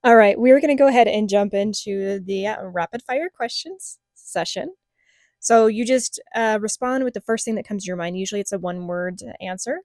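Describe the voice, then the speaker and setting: A woman hosting a podcast in casual chat, asking questions in a steady, reflective way. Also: medium pitch, moderate pace, no room sound, studio quality. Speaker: podcast host.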